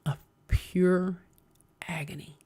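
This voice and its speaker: A woman hosting a live stream, telling a story with emphasis and sometimes dropping into hushed whispers. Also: lowish voice, fairly even intonation, takes it slowly, husky. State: coughing at times. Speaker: stream host reacting to videos. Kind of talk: casual storytelling commentary.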